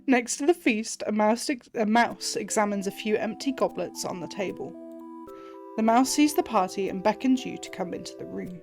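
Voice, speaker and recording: A woman's voice: mid-range voice, moderate pace, vocal fry, darkish tone, soft background music. A woman streamer reading a game's text aloud and puzzling through it in a chatty, playful way. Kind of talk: reading game text aloud and thinking out loud.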